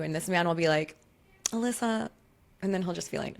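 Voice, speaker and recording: A young woman hosting a podcast with an easy, animated delivery. She jokes constantly, swears freely and sits at a middle pitch for a woman. The talk is loose, quick-witted banter. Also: gravelly. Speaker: podcast host. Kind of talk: casual chat.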